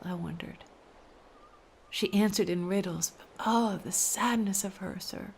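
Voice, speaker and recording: A woman's voice: medium pitch, steady tone, a little slow, creaky, a little mellow, a little hiss or hum. A woman telling a first-person story aloud, emotional, dropping to whispers at tense moments.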